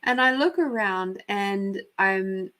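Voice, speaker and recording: An Australian woman talks at an unhurried, easy pace while hosting a live intuitive reading. Her delivery is chatty and loose, breaking into laughter often and tossing in a casual curse. She sits at an average pitch for a woman. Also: bright, forceful tone. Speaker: host and intuitive reader. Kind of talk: live psychic reading and storytelling.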